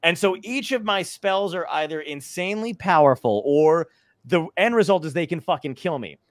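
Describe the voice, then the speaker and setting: A man hosting a casual comedy podcast, excitable and quick to laugh, with lots of swearing and restarts. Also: a little high, dry recording, clean studio sound. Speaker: podcast host.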